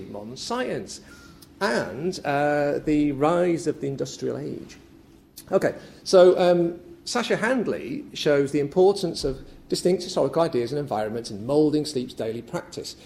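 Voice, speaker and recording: Man, academic speaker, conversational lecture, gravelly voice, lots of ums and restarts. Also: fairly high pitch, a little mellow, a little hiss or hum. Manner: hesitant, many fillers and restarts. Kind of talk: conference paper talk. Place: lecture room at a symposium.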